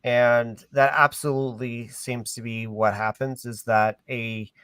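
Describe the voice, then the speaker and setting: A man's voice: mid-range voice, flat delivery, measured pace, a bit bright, clean tone, no room sound. A man hosting a casual discussion on a call, hesitant and full of ums and restarts. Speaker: host.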